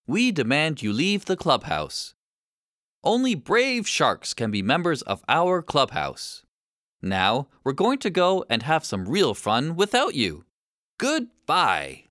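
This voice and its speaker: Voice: mid-range voice, wildly swooping pitch, slow, no room sound, clean studio sound, heavily acted. A reader voicing a pushy, scolding shoal of fierce hunting sharks in a storybook read-aloud. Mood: scornful. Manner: bossy, scolding, loud.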